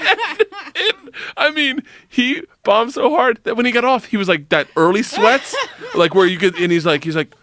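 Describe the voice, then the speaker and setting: Lively laughing man telling a story. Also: high-pitched, moderate pace. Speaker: podcast guest. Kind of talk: comedic storytelling.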